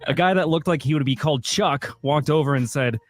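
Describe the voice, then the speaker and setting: A man co-hosting a radio show, reading a scripted comic monologue in a deadpan storytelling manner. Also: a little high, a little fast. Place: radio studio. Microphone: studio mic.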